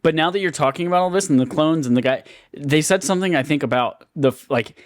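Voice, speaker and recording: A man's voice: on the high side, quick pace, no room sound, studio quality. A man co-hosting a casual gaming podcast who rambles, fills his talk with "like" and asks questions. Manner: rambling, filler-heavy questioning. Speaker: podcast co-host.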